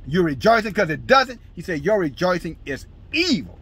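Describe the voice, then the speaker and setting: Male preacher, fiery scolding sermon, raised husky voice. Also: high voice, sing-song, moderate pace. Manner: scolding, preaching in bursts, shouting scripture. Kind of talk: fiery street-style sermon.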